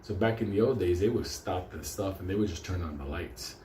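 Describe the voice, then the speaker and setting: A man telling a profane comic story, animated and often laughing. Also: sits low, brisk, a little hiss or hum. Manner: animated, laughing, heavy swearing. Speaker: show host telling a story. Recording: echoey room with faint ambience.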